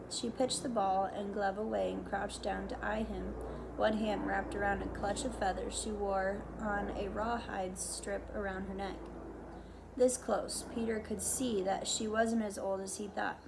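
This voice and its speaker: A woman reading a novel aloud in steady, expressive storytelling narration. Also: medium pitch, vocal fry, slight background noise. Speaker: audiobook reader.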